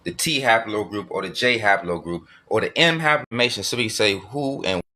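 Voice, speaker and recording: A man's voice: fairly low pitch, lively intonation, normal speed, pushed and bright. A man giving a blunt, profane solo monologue, repeating and circling back over his points.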